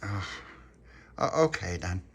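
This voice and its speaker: A man's voice: low voice, expressive, slow pace, husky, heavily acted. A man voicing a reluctant little boy who stammers and gives in easily, in a told story. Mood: hesitant. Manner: hesitant, stammering.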